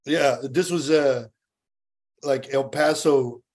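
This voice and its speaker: A male voice actor as a guest on a podcast, chatting in a relaxed, profane way and laughing easily. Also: medium pitch, slow. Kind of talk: casual podcast chat.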